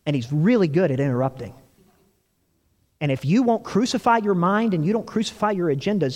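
A man preaching a sermon, telling stories with animated delivery and acting out quoted lines. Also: on the high side, long reverb tail. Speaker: pastor.

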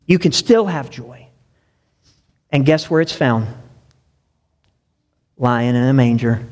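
A man's voice: medium pitch, expressive, takes it slowly, darkish tone, long reverb tail. A young man preaching a sermon, chatty and direct, asking his listeners questions. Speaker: pastor. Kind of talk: sermon with personal stories.

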